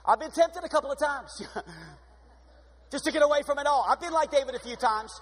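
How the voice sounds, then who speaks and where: A man preaching a sermon in an energetic, exuberant way, with sudden swings in pitch. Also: normal speed. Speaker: pastor. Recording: long hall reverb.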